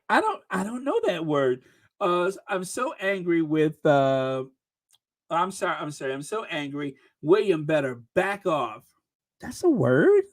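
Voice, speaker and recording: A woman hosting a live stream, casually chatting and reading viewer comments with lots of laughter and exclamations. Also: low-pitched. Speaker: livestream host reading super chats.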